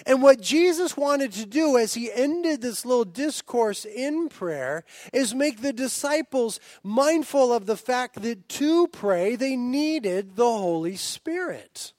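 A man's voice: very high voice, animated, takes it slowly, few pauses, darkish tone, no room sound. A man in his thirties preaching a sermon as pastor, earnest and building to fervent emphasis.

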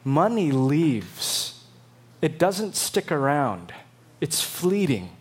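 A man preaching a sermon, emphatic and dramatic, acting out quotes in lively voices. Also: fairly high pitch, drawn-out words, husky. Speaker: pastor.

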